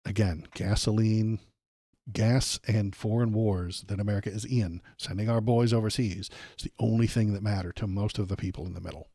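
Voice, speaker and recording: Male livestream host with a lowish voice, dry close sound, rambling sardonic commentary full of fillers. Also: fairly even intonation, moderate pace, warm tone, no room sound. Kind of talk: casual live commentary.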